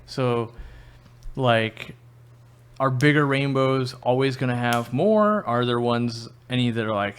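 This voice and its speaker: A man's voice: medium pitch, takes it slowly, clean tone. A young man hosting a casual podcast, easygoing, laughing along and asking his guest questions. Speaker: podcast host. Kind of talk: casual chat.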